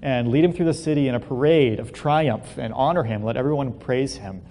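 A man's voice: brisk, mellow, natural voice. A man voicing a vain, scheming royal official who talks eagerly. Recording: long hall reverb, faint rumble.

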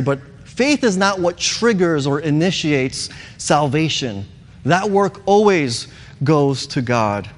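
A man's voice: a little high, big-room sound. A male pastor preaching a sermon in an earnest, emphatic way, repeating key words.

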